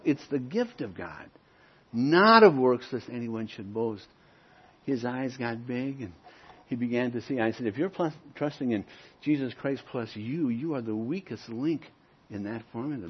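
Male pastor, sermon, husky, slightly muffled recording. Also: mid-range voice. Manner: emphatic preaching, swinging from loud to quiet.

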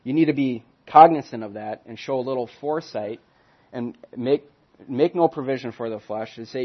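An earnest man teaches a Bible study at a middle pitch. He punches his key words and then lets each phrase trail away quietly. The recording sounds dull and lo-fi. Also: normal speed. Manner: earnest, emphatic, swings from loud stresses to soft trailing ends.

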